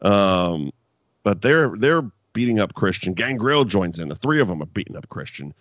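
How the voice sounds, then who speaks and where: A man's voice: fairly low pitch, sing-song, moderate pace, a bit bright, dry recording. A man co-hosting a casual chat podcast reviewing wrestling, swearing freely and breaking into mock voices.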